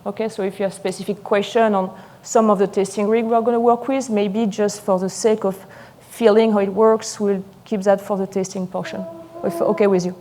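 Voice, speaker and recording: A French-accented woman in her forties gives a live lecture, her words tumbling out quickly with eager excitement. Her voice is mellow and warm rather than bright. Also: medium pitch. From France. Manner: fast, excited, talkative. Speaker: sommelier lecturer.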